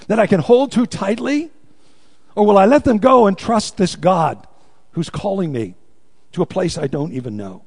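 A male pastor with a somewhat high-pitched voice delivers a sermon to his congregation. He tells stories and asks them questions, drawing them into call-and-response. His voice carries a long, echoing reverb from the church hall. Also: a little mellow.

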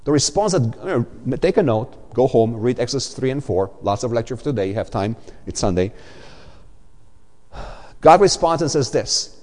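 A man's voice: medium pitch, long reverb tail. A middle-aged man preaching a Sunday sermon in a church, emphatic and repetitive as he quotes scripture. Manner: emphatic and repetitive, quoting scripture with lively vocal swings. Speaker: pastor.

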